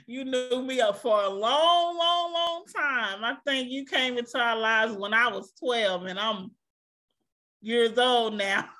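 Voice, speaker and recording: A woman's voice: on the high side, measured pace, bright, forceful tone. A woman hosting an online school assembly over a video call, thanking each person by name with frequent religious praise phrases. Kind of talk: warm emotional assembly hosting.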